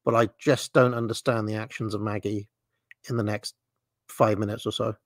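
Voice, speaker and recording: A man's voice: fairly low pitch, little pitch movement, normal speed, slight background noise. A man hosting a casual reaction commentary, puzzled and rambling, with hesitant restarts. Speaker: host.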